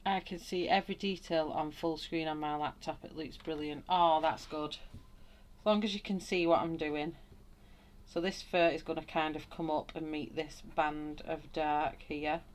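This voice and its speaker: This woman speaks at normal speed in a deep voice with fairly even intonation. She's running a chatty live colouring demonstration, talking through her work, welcoming chat viewers and laughing frequently.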